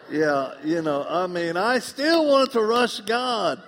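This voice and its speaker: A man's voice: sits high, very animated, takes it slowly, few pauses, fairly bright tone, big-room sound, a little hiss or hum. A man with a Southern US accent preaching a live sermon, telling funny stories and acting out dialogue. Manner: humorous storytelling, acts out dialogue. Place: church.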